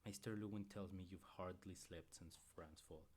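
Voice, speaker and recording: Man voicing a steady protective young lord. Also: sits low, normal speed, a little hiss or hum, lightly acted. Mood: gentle. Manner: calm, gentle reassurance.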